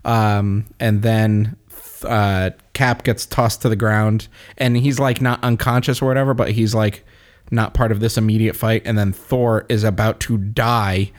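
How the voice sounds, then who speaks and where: A man co-hosting a casual movie recap podcast, excitable and laughing often as he talks in quick bursts. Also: fairly low pitch. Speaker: podcast co-host.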